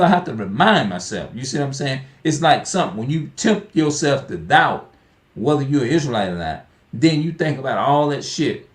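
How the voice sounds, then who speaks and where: Rambling man in an echoey room. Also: medium pitch. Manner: slangy, rambling, repeats himself. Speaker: video creator. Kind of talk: casual rambling talk with scripture reading.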